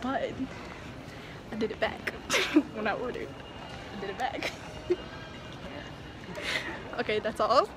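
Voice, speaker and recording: Giggly young woman vlogging, kinda high voice, talks slow, noisy background. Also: lively intonation. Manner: chatty and giggly, laughs often. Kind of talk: casual travel vlog chat. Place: airport and outdoors while traveling.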